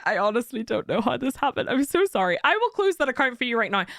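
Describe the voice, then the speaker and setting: A woman streamer with a slightly high voice chats casually with her viewers, animatedly telling a story. She acts out other people's voices and swears and laughs a lot.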